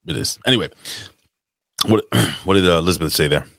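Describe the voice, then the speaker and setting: A man's voice: low voice, expressive, fairly quick, gravelly, a bit bright, no echo, clean studio sound. A man co-hosting a podcast in casual chat, with brash, profane banter. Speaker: podcast co-host. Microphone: podcast microphone.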